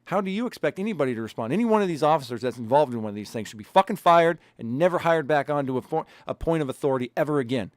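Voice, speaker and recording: A man's voice: fairly high pitch, animated, quick pace, no echo. Guy on a podcast ranting hard, swearing a ton, dry close mic sound. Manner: profane, angry, emphatic. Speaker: podcast co-host. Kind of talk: heated casual podcast rant.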